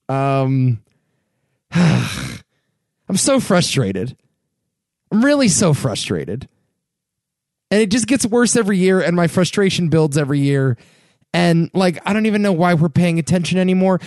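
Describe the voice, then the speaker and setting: A young man hosting his own podcast, talking casually and getting worked up into animated rants about pop culture. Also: no echo, studio quality. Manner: animated, ranting, rising pitch when worked up. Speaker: podcast host. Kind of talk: casual solo podcast commentary.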